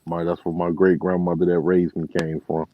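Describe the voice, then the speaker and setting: Deep-voiced Chicago man, muffled and dry. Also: a little fast. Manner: relaxed storyteller, many fillers. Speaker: truck driver and regular caller. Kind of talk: casual chat. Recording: muffled, dry phone-like sound.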